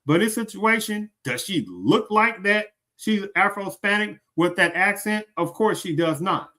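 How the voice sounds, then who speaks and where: A man with a high, expressive voice hosts a commentary show, responding to a clip at a moderate pace. His tone is pushed and bright, and he repeatedly poses rhetorical questions to the audience through his streaming setup.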